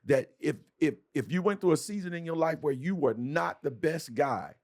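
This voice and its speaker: A man's voice: a little high, expressive, moderate pace, darkish tone. A man hosting a podcast, talking in a fervent, preacher-like cadence with repeated starts. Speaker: podcast host. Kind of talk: passionate conversational commentary.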